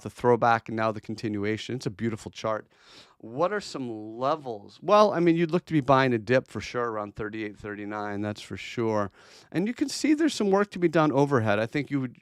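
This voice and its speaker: A blunt, chatty man hosting a trading livestream, talking loosely through charts with lots of ums and restarts. His voice is smooth and clear at a middling pitch, close to the mic in a dry, deadened room. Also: dry recording. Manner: chatty, blunt, answers chat requests, many fillers and restarts. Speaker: crypto trading livestream host. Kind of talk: casual livestream chart commentary.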